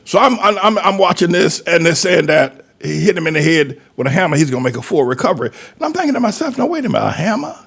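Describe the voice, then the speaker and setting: A man's voice: on the high side, sing-song, fast, creaky, few pauses, fairly bright tone. A man, a pastor, rambling through a folksy commentary monologue with chuckling asides.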